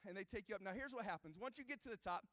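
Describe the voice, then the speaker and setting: A middle-aged man giving a youth ministry talk to young students, telling an animated story and speaking straight to the kids. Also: sits high, racing, dry recording. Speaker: youth pastor. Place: church youth room before a live audience.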